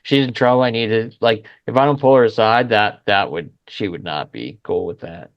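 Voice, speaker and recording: A man's voice: on the low side, normal speed, no room sound. Man, hesitant podcast speaker, dry and slightly dull audio. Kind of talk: casual podcast chat.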